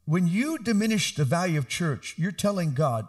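Middle-aged male pastor, animated sermon delivery, slightly high voice with lively swings. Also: moderate pace. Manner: animated preaching, rising to emphatic calls.

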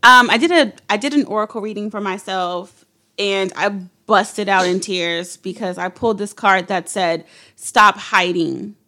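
A woman's voice: medium pitch, moderate pace, pushed and bright. A woman co-hosting a podcast, talking things through reflectively with lots of fillers. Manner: reflective, chatty, lots of "like" and "you know". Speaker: podcast co-host. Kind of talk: casual chat.

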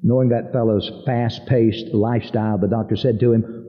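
A man preaching a sermon in a church sanctuary, slow and emphatic, with sweeping rises and falls. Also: fairly even intonation. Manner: slow, emphatic preaching with dramatic pitch swings. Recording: dull lo-fi recording, long hall reverb.

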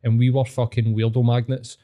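A young Scottish man swapping stories in casual chat, mid-pitched and relaxed. He swears freely, laughs often and tells each tale with plenty of filler. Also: a little fast. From Scotland.

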